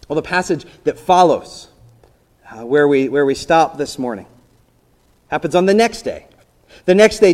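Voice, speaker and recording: A man preaching a sermon in a conversational storytelling manner, briefly acting out the people in the story and dropping to a soft voice for emphasis. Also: fairly high pitch. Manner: conversational storytelling, voicing biblical characters, drops to soft emphasis. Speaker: pastor.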